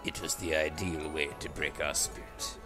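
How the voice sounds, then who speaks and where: A man's voice: rumbling low, little pitch movement, moderate pace, over loud music, pitched below the performer's own voice. A man voicing a bitter, vengeful samurai retainer, reading game dialogue with mounting, exaggerated anger. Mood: grim. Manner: seething, rising into exaggerated anger.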